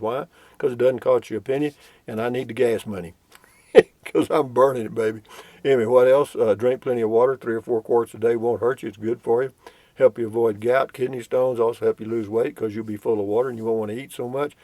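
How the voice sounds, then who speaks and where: A man's voice: medium pitch, steady tone, a little fast, warm tone, dry recording. An older man, rambling and chuckling as he reads viewer comments in a casual vlog from a road trip. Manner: folksy, rambling, chuckling often. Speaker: vlogger reading viewer comments. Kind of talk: casual chat.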